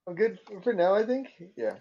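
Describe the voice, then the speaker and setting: A man's voice: high-pitched, very animated, normal speed, warm tone, lo-fi sound. A man playing in a tabletop game, giggly and playful. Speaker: player. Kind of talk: casual tabletop play.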